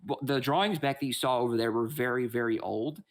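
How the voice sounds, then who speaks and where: A man narrating as game master in a rambling, halting way with many restarts. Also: medium pitch.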